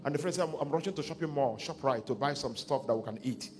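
A man's voice: medium pitch, quick pace, over music. A male pastor with a Nigerian accent preaching a sermon, leading his congregation in reading scripture aloud and retelling a counselling story.

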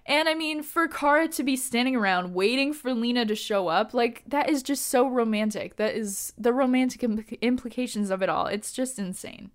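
A woman giving a casual fan recap of a TV episode, excited and gushing, with lots of fillers and laughter. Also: on the high side, normal speed, hardly any pauses.

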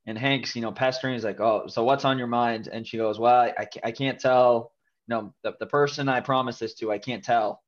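A male co-host on a laid-back podcast rambles through a TV episode recap, full of fillers and false starts. His voice is medium-pitched and steady, fairly quick, and the audio is dull.

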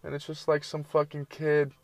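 A man's voice: fairly high pitch, monotone, moderate pace, gravelly, no room sound. A man giving casual, rambling reaction commentary, full of profanity and slang. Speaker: streamer reacting to videos.

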